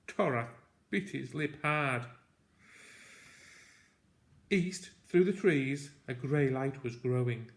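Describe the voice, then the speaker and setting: Slow, measured man reading a storybook. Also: medium pitch. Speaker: audiobook reader. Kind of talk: storybook read-aloud narration.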